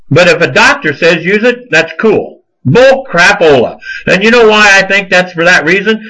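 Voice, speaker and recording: A man rants and scolds like a preacher on his own show. His voice sits high and leaps wildly up and down, with a bright, forceful edge that stays heated throughout. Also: poor audio. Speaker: show host. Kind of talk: fiery religious commentary monologue.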